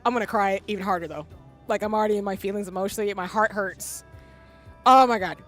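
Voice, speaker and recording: A woman's voice: medium pitch, fast, fairly bright tone, soft background music. A woman in her thirties streaming a game live, tearful, emotional and goofy as she talks through it. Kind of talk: live gameplay commentary.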